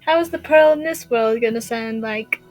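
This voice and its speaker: A woman's voice: fairly high pitch, moderate pace, darkish tone, faint music behind, low-quality recording. Giggly young woman host. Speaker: podcast host. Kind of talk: casual chat, giggly.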